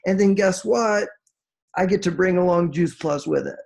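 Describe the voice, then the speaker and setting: A man giving a heartfelt motivational talk on a video call, earnest and emotional, restarting his phrases and rising in pitch when moved. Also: animated, fairly quick, creaky, a little mellow. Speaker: guest speaker on a group call.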